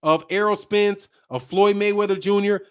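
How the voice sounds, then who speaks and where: A man hosting a boxing channel stream, chatty and animated, talking straight to his viewers and laughing often. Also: high-pitched, moderate pace, clean tone. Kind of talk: live-stream boxing commentary.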